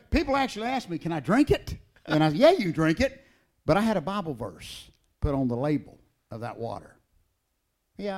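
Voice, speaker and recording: An older man, a former wrestler speaking in a church, emphatic and folksy, dropping to a hushed voice in prayer. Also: a little high, no room sound, studio quality. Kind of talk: evangelistic church talk.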